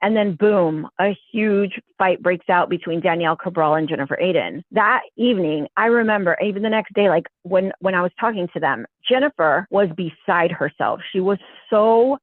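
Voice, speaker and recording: Brief: woman phone-in guest, animated gossip teller, swears freely, tinny dry line. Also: lowish voice, normal speed, hardly any pauses, no echo. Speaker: podcast guest, gossip source. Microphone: telephone.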